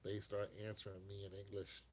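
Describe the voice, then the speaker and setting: A man's voice: fairly low pitch, monotone, fairly quick, darkish tone, slight background noise. A man hosting a casual live-stream chat, telling rambling stories and laughing often.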